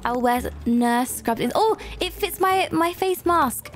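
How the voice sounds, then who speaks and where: A young woman giving playful, excitable commentary while playing a hospital role-play game, chatting and exclaiming often. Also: extremely high pitch, slow, faint music behind. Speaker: gaming YouTuber.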